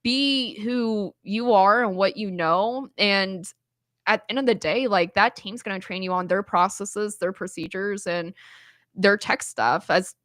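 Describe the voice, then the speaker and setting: A woman as a podcast guest, telling stories in an animated, casual way with lots of "like" and laughter. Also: medium pitch, a little slow, no echo. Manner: animated storytelling, frequent "like" and laughter. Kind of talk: casual chat.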